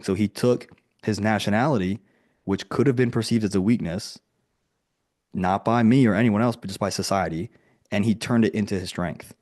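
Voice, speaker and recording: His voice is on the low side with a darkish tone. He's coaching people on a group video call, chatting loosely, saying "like" a lot, and performing the dialogue he quotes.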